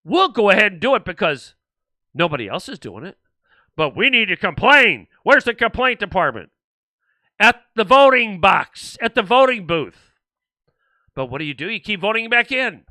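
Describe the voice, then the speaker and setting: Male livestream host, sarcastic political rant, lively high voice. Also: normal speed, no echo. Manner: animated and sarcastic, mocking other voices.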